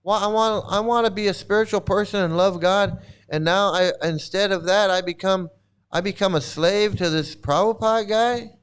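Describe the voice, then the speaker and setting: A man's voice: high-pitched, fairly even intonation, moderate pace, clear, resonant tone. A man hosting a casual monologue, talking emphatically and sarcastically and repeating his points. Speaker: host.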